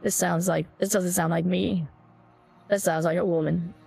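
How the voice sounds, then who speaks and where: A man's voice: high-pitched, fairly even intonation, moderate pace, creaky, darkish tone, soft background music, pitched above the performer's own voice. A man speaking through an AI voice changer that makes him sound like a nerdy anime female scientist. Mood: teasing. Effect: AI voice changer turning him female.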